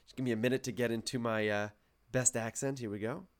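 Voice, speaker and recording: A man's voice: mid-range voice, steady tone, fast talker. Young guy cohosting a podcast, explains his research chatty and wry, pokes fun at himself. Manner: explanatory, wry and self-deprecating. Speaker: podcast co-host, planetary science grad student.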